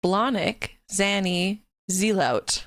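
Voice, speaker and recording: A woman's voice: medium pitch, slow pace, dry recording, clean studio sound. A woman streamer chatting casually on a live stream. She is giggly and swears freely, talking into a desk mic at home.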